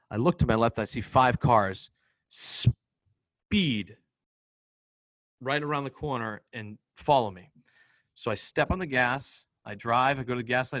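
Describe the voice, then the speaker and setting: A man from Boston, a podcast guest, telling a personal story in a blunt, profane, animated way and acting out what people said. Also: mid-range voice, dry recording. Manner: blunt, profane, animated retelling with acted-out quotes.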